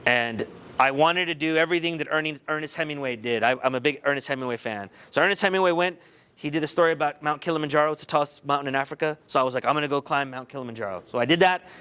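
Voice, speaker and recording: A man giving a motivational talk to high school students, telling a personal story in an animated, conversational way. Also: fast talker, smooth. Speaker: guest speaker.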